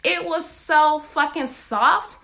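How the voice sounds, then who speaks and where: A woman hosting a podcast and telling a personal story in a blunt, profane, animated way. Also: high-pitched, slow. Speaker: podcast host. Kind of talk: candid storytelling monologue.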